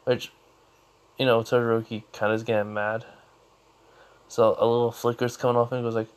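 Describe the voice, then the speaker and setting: A young man spins a fan fiction story off the top of his head, with many fillers and restarts along the way. His voice sits at a middle pitch and stays casual and unscripted. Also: level tone, moderate pace, pauses often, smooth.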